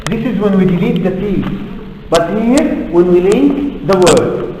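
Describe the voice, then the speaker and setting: A man with a high voice gives a classroom lecture on English pronunciation, speaking slowly and drilling example phrases. The recording is very echoey, with a long hall reverb and clear background noise. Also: lively intonation, dark tone. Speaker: English teacher.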